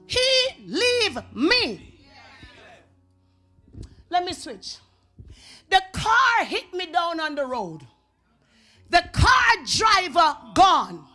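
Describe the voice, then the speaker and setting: A woman with a Jamaican accent preaching a revival sermon in church, dramatic and call-and-response, building to shouts. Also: extremely high pitch, big pitch swings, drawn-out words, long pauses. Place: church sanctuary. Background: organ or keyboard music.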